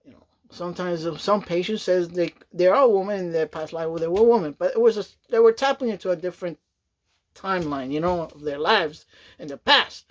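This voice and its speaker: A woman talks fairly quickly in a lowish voice during a rambling, casual vlog monologue. Chatty and loose, she keeps asking "you know what I mean" and often laughs.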